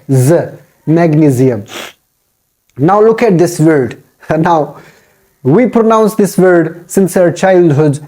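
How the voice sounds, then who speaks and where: Mellow-voiced man teaching pronunciation. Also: fairly high pitch. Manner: repetitive, drills each word aloud. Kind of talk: instructional talk.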